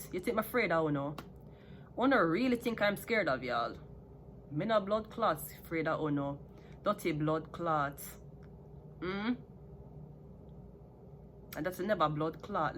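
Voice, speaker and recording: This vlogger has a lowish, slightly bright voice and a Jamaican accent, and there's a little hiss or hum on the recording. She's going off on her viewers in an unscripted, heated rant, swearing and mixing patois with standard English.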